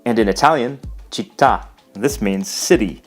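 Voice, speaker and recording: A man narrating a scripted language lesson, explaining carefully and slowing down to pronounce example words. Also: medium pitch, lively intonation, faint music behind. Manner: measured, explanatory, slows to pronounce foreign words. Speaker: language teacher.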